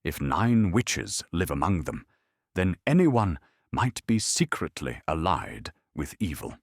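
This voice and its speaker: Deep husky sleep-story narrator, man. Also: very animated, no echo, studio quality. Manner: slow, soothing, measured storytelling.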